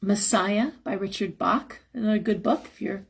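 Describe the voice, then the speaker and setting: A woman's voice: moderate pace, vocal fry, slightly rough. A middle-aged woman hosting a live stream, giving frank spiritual advice in a chatty, casual way and sounding a little tired. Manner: chatty, frank, acts out quotes with a higher voice. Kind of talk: casual live-stream talk, reading chat.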